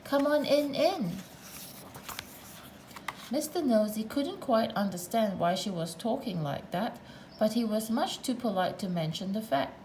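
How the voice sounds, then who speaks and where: A woman's voice: medium pitch, expressive, normal speed, darkish tone, a little hiss or hum, low-quality recording. A woman narrating a children's storybook aloud, with playful asides to the listener.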